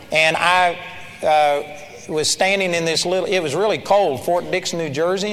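An older man preaching a sermon, telling personal stories with animated energy and sudden loud shouts of praise. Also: fairly high pitch. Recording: church hall reverb with faint ambience.

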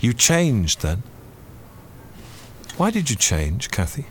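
A man's voice: medium pitch, very animated, takes it slowly, a little hiss or hum. A man playing a shrewd, probing priest. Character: shrewd male priest interrogating a suspect. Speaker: priest investigator.

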